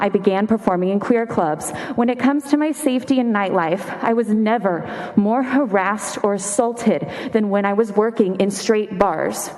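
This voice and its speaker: Young woman, earnest prepared testimony, slightly breathless, mid pitch, long hall reverb. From Texas. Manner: earnest, steady reading with occasional sighs. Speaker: public witness testifying. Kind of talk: prepared testimony read aloud. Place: large legislative hearing room.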